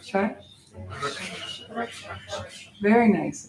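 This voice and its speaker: Slow-spoken woman teaching mantra chants. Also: lowish voice, steady tone, a little mellow, reverberant, a little hiss or hum, low-quality recording. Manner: patient, demonstrates sounds, chants syllables slowly. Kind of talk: teaching mantra pronunciation and guided meditation.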